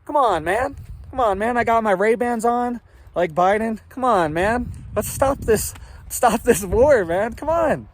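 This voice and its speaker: A man's voice: very high voice, animated, measured pace, slight background noise, pitched above the performer's own voice. A man doing a mocking impression of an older president, pleading and repeating a folksy catchphrase.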